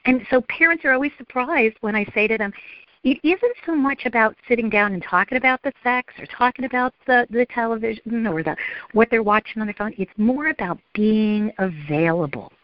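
A woman therapist and speaker, appearing as an interview guest, tells stories and acts out the voices of parents and children with animated flair. Her voice is fairly high and brisk, and the recording is muffled with no echo.

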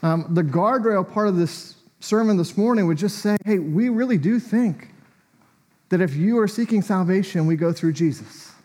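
A man's voice: high-pitched, normal speed, a little mellow. A man preaching a sermon in a church, talking in a conversational, reflective way with small asides and fillers.

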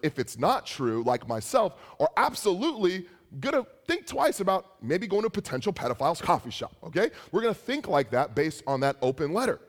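A young man delivers a sermon as a pastor, slipping into stories and asides to the crowd. His pitch sits a touch high. It rises and falls in a very animated way.

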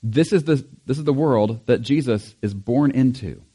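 A man's voice: medium pitch, normal speed, breathy edge. Man preaching in a conversational sermon. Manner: conversational, animated, acting out quotes with laughs. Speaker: pastor.

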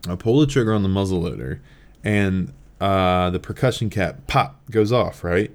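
A young man hosting a podcast and telling a story in a casual, animated way, swearing and laughing as he talks. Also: low voice, moderate pace. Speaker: podcast host.

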